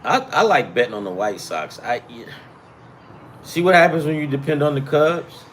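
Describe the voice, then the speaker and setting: A man's voice: fairly high pitch, animated, moderate pace, fairly bright tone, slight background noise. A man hosting a casual sports betting chat, rambling and profane, with self-deprecating asides. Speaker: sports betting picks host.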